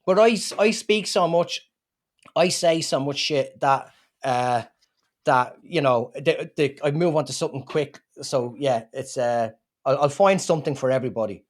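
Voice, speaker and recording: A man with an Irish accent, a comedian chatting in an interview and telling rambling, animated stories. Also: medium pitch, normal speed. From Ireland. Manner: rambling, animated storytelling with acted-out quotes. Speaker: comedian guest. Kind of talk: casual interview chat.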